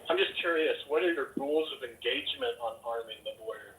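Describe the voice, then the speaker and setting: A man questions a speaker impatiently, pushing for a direct answer. He talks quickly, and his voice rings with room echo. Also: mid-range voice, animated, pushed and bright. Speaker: caller in a debate.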